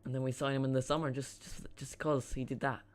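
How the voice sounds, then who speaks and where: A man's voice: medium pitch, little pitch movement, quick pace. A man hosting a live football watchalong stream, chatting casually and rambling as he reacts to the chat and the match.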